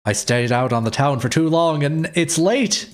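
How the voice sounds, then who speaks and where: A man's voice: fairly high pitch, moderate pace. A man streaming, reading a visual novel aloud and voicing its lines in a playful way. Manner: playful, reads all characters.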